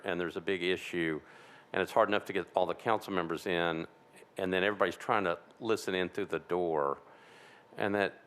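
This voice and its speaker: A man with a deep, smooth, resonant voice runs a council committee meeting. He talks in a relaxed, loose way and drops in the odd joke. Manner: easygoing, joking. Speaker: vice mayor chairing a council committee. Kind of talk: casual meeting chairing.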